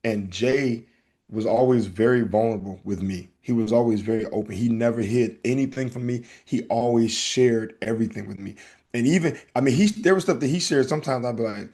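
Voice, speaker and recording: Husky man telling a story. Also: mid-range voice, fairly quick. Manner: animated storytelling, acts out exchanges. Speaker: podcast host. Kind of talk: casual podcast chat.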